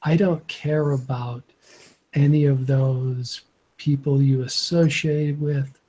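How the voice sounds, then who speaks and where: A man voicing a cold, proud female Marazar interrogator who questions slowly and menacingly in a tabletop game. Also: medium pitch, fairly even intonation, dark tone. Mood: scornful.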